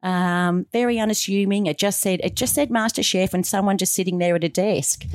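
A middle-aged woman guesting on a radio show chats casually in a medium-pitched, brisk voice, recorded dry in the studio. She's an animated storyteller, bringing her story to life by acting out the voices and quotes in it.

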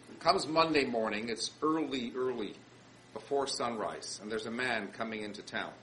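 A man, a rabbi, telling a story in an animated sermon style and acting out the quotes. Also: mid-range voice, normal speed, slight background noise, low-quality recording.

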